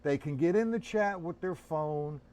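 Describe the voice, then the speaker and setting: A man's voice: on the high side, moderate pace, dark tone, smooth. An older man teaching a live-streamed drum lesson, chatty and instructive, calling on viewers by name, with drumming behind him.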